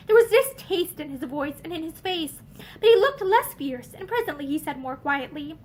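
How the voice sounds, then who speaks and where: Woman, reading a novel aloud, expressive narration, high voice, lively swinging intonation. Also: moderate pace, slight background noise. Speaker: audiobook reader.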